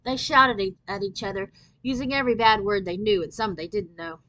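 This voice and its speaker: A woman's voice: medium pitch, a little fast, fairly bright tone, dull audio. A woman storyteller reading a children's novel aloud expressively.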